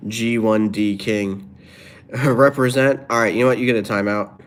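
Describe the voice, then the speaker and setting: A man's voice: medium pitch, a little slow, clear, resonant tone. A man livestreaming, reading viewers' comments aloud and answering them in a rambling, offhand way. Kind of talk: casual livestream chat.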